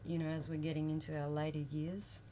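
Bubbly woman with a low-ish voice. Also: little pitch movement, fairly quick, a crowd in the background. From Australia. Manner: bubbly, laughing, playful. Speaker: touring musician. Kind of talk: casual radio interview.

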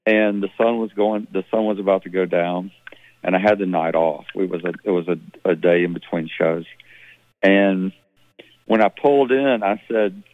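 Male musician on a tinny phone line, low voice, rambling storyteller. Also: moderate pace, dry recording. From Mississippi. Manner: rambling, relaxed, with many restarts. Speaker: musician guest. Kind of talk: phone interview, casual storytelling.

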